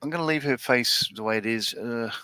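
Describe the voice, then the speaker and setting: Bright-toned man rambling easily. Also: medium pitch, brisk, smooth, dry recording. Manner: rambling, lots of fillers and restarts. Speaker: livestream co-host building scale models. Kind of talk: relaxed casual chat.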